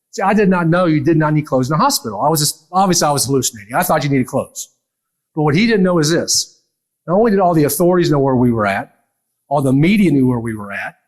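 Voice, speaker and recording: A man in his fifties on stage, delivering a keynote as a dramatic story. His voice sits somewhat high for a man, and he acts out the lines of the people in his tale. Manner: dramatic storyteller acting out dialogue. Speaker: keynote speaker.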